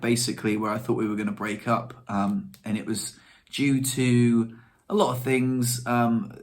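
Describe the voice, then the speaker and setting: Rambling young man. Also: fairly low pitch. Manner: rambling, self-deprecating. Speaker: vlogger. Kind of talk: casual chat to camera.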